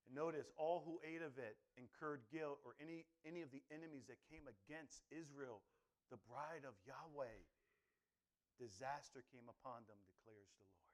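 A middle-aged male pastor preaching a sermon in an animated, conversational way, swinging between loud emphasis and hushed asides, with personal stories. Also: mid-range voice, normal speed.

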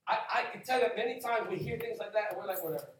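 A man's voice: high-pitched, fast, crowd noise. A man preaching a sermon in a conversational way, repeating phrases and acting out people's reactions. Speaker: pastor. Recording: echoey hall, distant mic.

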